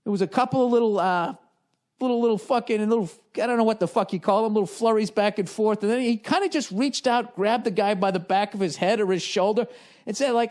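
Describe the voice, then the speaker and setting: With a high-pitched, somewhat mellow voice and a slightly fast pace, a man in his forties from Boston spins a meandering, foul-mouthed funny story on his podcast. The comedian imitates each character along the way.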